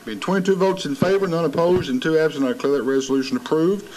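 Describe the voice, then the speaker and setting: A man's voice: a little high, fast, a little mellow, poor audio. A man with a Southern American accent chairing a county commission meeting, calling votes in a formal, procedural way. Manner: formal, procedural vote calls.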